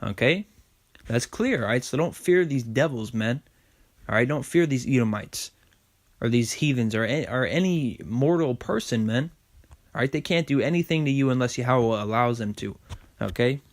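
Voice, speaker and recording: In a loose, informal sermon, a man reads scripture out loud and trips over some words. His mid-range voice is animated at a normal pace, and he follows each point with "okay?" and "man."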